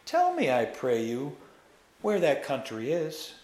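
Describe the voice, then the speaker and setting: A man voicing a scheming witch queen in a soft, soothing, musical way, read aloud in a roomy space. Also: a little high, wildly swooping pitch, slow, full character voice. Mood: sweetly mocking. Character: sweet-voiced scheming witch queen, woman.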